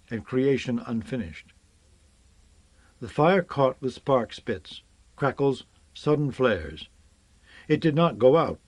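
A man narrating a science fiction novel in a measured, expressive reading. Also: mid-range voice, dry recording. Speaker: audiobook narrator.

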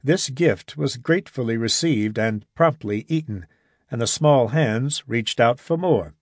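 A man's voice: mid-range voice, animated, a little slow, no echo. Man narrating a story, dry close sound. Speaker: audiobook narrator. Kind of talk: scripted narration.

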